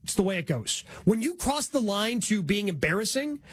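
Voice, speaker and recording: A man's voice: high-pitched, sing-song, normal speed, husky, no room sound, studio quality. A man hosting a casual sports talk show, leading the discussion. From based in Milwaukee.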